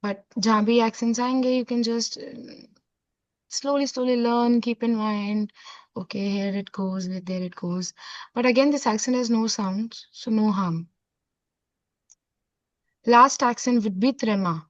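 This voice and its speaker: A woman's voice: a little high, steady tone, moderate pace, dry recording. A woman teaching a French lesson, explaining step by step and mixing Hindi with English. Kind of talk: online class lesson. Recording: dull, dry, lo-fi audio.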